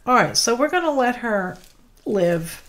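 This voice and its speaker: A woman's voice: a little high, sing-song, measured pace, fairly bright tone. A woman hosting a live craft stream, chatting casually while she works and greeting viewers by name. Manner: chatty, greets viewers by name, apologetic about mispronouncing names. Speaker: craft livestream host. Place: home craft studio.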